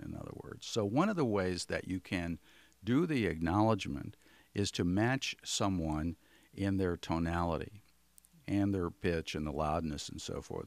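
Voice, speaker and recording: A man's voice: low-pitched, lively intonation, normal speed, vocal fry, no room sound. A man who works as a communication trainer, giving an instructional talk in a folksy, conversational way with homely examples.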